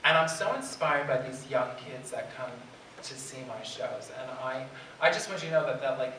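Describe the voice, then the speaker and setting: Man, 50s, Bronx accent, animated self-mocking storyteller, noisy convention hall. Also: medium pitch, moderate pace. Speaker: drag performer, panel guest. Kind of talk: comic storytelling on a convention panel. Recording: echoey hall from far off, background noise.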